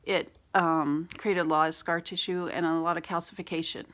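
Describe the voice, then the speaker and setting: A woman beauty vlogger with a raspy voice, candidly telling a personal story in a rambling vlog with many fillers. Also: fairly low pitch, little pitch movement, normal speed, a bit bright.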